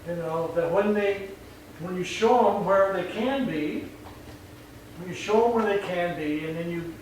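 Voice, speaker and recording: A man's voice: sits high, a little slow, a little mellow. A man working as a dog trainer, explaining casually and animatedly, often acting out voices mid-sentence. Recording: echoey room, distant mic, faint noise.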